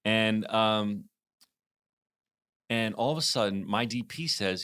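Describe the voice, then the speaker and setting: A man's voice: lowish voice, takes it slowly, clean tone. A man in his forties co-hosting a podcast, telling a story in a rambling, chatty way with many fillers. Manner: rambling with fillers, animated retelling. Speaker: podcast co-host. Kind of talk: casual storytelling chat.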